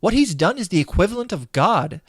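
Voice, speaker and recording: A man's voice: sits high, sing-song, a little fast, noisy background. A man hosting a comedic video game critique, narrating a script in a sarcastic, exasperated way. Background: game music.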